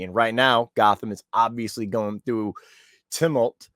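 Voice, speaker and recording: A man's voice: lowish voice, steady tone, measured pace, a bit bright, no echo, clean studio sound. A man guesting on a podcast, chatting casually and enthusiastically. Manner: enthusiastic, acts out quotes. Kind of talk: casual chat.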